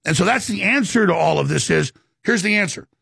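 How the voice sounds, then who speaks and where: Gravelly, husky high-voiced man ranting. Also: lively intonation, fairly quick, a bit bright, no echo, clean studio sound. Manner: rambling, emphatic, with many stammered restarts. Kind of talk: impassioned monologue.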